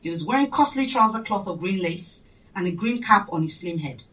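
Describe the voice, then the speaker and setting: A woman reading a first-person story aloud in a plain, unhurried way. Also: mid-range voice, lively intonation, fairly bright tone, far from the mic, rough recording. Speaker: audiobook narrator.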